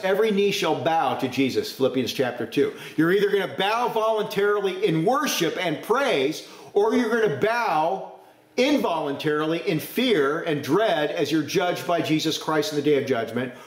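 Forceful male preacher in an echoey room. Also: fairly high pitch, animated, moderate pace. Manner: forceful preaching, sudden rises to emphasis. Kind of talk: sermon.

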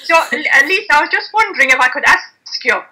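A woman's voice: high voice, lively intonation, fast talker, bright, forceful tone, poor audio. An Irish woman calling in to an online talk over a video call, chatty, rambling and self-deprecating. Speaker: caller.

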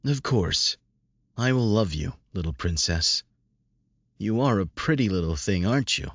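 A man voicing a firm, possessive male werewolf who is gentle with a little girl, in a low, steady voice. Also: unhurried, no room sound. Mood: tender. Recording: dry dull lo-fi recording.

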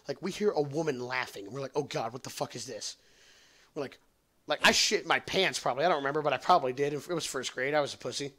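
A man's voice: medium pitch, quick pace, bright, forceful tone. A young man hosting a podcast, telling a long story in a rambling, profane, joking way. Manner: rambling, profane, laughs at own jokes. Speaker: podcast host. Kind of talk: casual storytelling.

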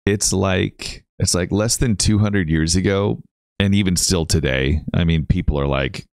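A man hosting a casual reaction video, talking in an excitable, incredulous way and laughing often. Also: sits low, unhurried, gravelly, no room sound, studio quality. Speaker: YouTube reaction host.

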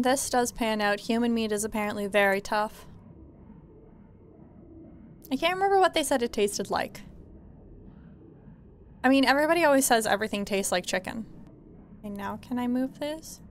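A woman giving casual let's play commentary, chatty and laughing, often yelling profanities at characters. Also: fairly high pitch, unhurried, pauses often, slight background noise. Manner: profane, yells at game characters. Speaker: gamer.

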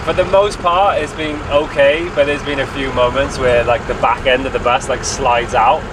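A relaxed man chats casually beside a van outdoors. Loud wind and road noise sit heavily under his plain, mid-pitched voice. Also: normal speed, distant mic. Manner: relaxed, says "like" often. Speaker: friend and van driver. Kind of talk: casual chat.

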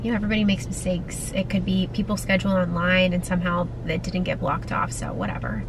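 A woman's voice: on the low side, little pitch movement, fast, noisy background. Chatty twenty-something woman venting. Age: 20s. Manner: chatty, venting, filler-heavy with lots of "like" and "um". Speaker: nurse practitioner vlogger. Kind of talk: casual vlog chat.

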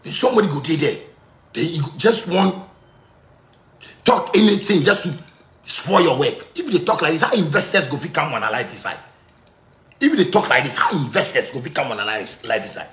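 A man in his thirties with a Ghanaian Pidgin English accent, delivering a loud, excitable rant that keeps circling back on itself. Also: on the high side, brisk, long pauses, echoey room. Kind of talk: heated rant.

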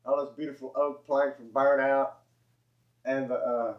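A man's voice: mid-range voice, level tone, a little slow. Southern man, casual storyteller, self-correcting and chuckly; roomy, muffled recording. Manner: rambling, self-correcting, chuckling folksy delivery. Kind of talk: casual spoken anecdote. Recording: echoey room, dull lo-fi audio.

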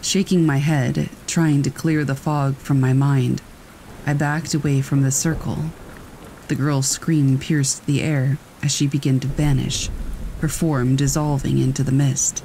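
A man calmly reading a scripted scary story aloud. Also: medium pitch, unhurried, creaky, slight background noise, rough recording. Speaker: story narrator. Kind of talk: scripted horror story narration.

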